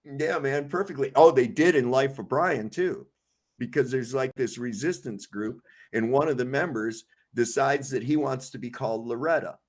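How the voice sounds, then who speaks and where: A man's voice: mid-range voice, normal speed. A man hosting a casual online panel chat, laid-back and swearing, who acts out comedy scenes in put-on voices. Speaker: panel host. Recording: online call audio.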